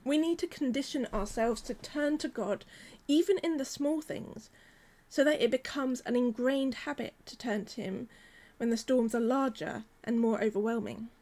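A woman, preaching a sermon in a gentle, measured, earnest way. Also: fairly high pitch.

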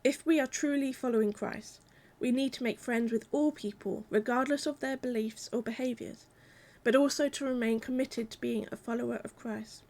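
Woman, preacher, calm measured sermon, reflective, slightly high-pitched.

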